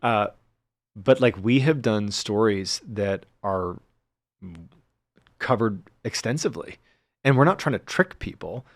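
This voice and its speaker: A man, a podcast guest, telling a story in a relaxed, casual way, filling his talk with fillers as he builds suspense. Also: fairly low pitch, measured pace, pauses often, dry recording, studio quality.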